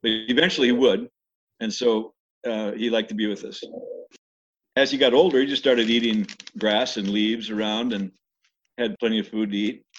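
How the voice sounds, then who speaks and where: An older man tells stories in a loose, rambling way, full of restarts and asides. His voice is a little husky, and the recording sounds dull and lo-fi. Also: fairly low pitch, steady tone, moderate pace. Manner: rambling, many restarts, imitates animal screams. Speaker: interviewee recalling mission life. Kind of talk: casual storytelling.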